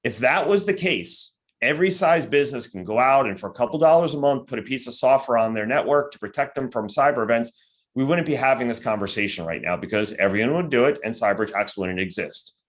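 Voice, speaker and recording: A man of ordinary, middle pitch delivers a virtual conference lecture. He talks conversationally rather than stiffly, checking in with the audience through quick tag questions. He now and then acts out the doubts of his listeners in quoted voices. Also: lively intonation. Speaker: cybersecurity company executive giving a lecture.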